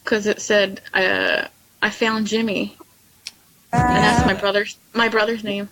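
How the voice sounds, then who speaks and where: A woman calling in to a live show, chatting casually and excitedly about talking to spirits. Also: mid-range voice, a little slow, rough recording. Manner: excitable, talks to spirits through a device. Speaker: caller. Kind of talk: casual chat over a call.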